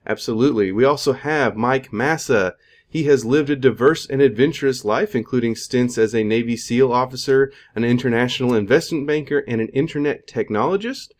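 A man's voice: medium pitch, fairly quick. A man hosting a podcast, reading formal guest introductions and then asking loose, searching questions. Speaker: podcast host.

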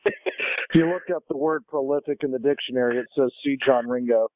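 A man appearing as a guest writer, laughing often and joining in with quick jokes. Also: medium pitch, steady tone. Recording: phone-like call audio.

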